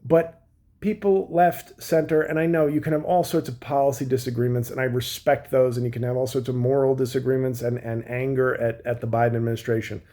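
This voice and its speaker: A man's voice: mid-range voice, flat delivery, brisk, dark tone. Sarcastic man ranting about politics. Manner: sarcastic, mocking asides and riffs. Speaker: comedian. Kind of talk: political commentary rant.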